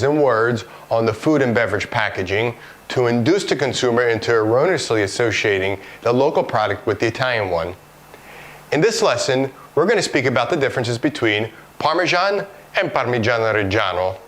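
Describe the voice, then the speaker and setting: A man's voice: mid-range voice, a bit bright. Man presenting a food lesson. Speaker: course presenter. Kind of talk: scripted educational explainer.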